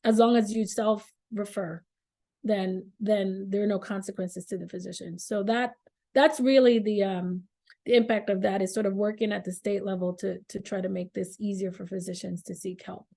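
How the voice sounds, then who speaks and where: Woman, middle-aged, earnest, filler-heavy, video call, mid pitch. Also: steady tone, normal speed, creaky, mellow. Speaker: guest surgeon. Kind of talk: virtual seminar talk.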